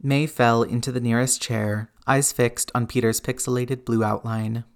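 A man narrating fiction in a measured, even audiobook reading. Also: mid-range voice, gravelly, clean tone. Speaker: reader.

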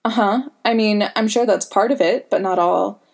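A woman's voice: medium pitch, normal speed, vocal fry, a little mellow, far from the mic. A woman voicing an eager, earnest teenage boy who is stubborn and insistent. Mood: skeptical.

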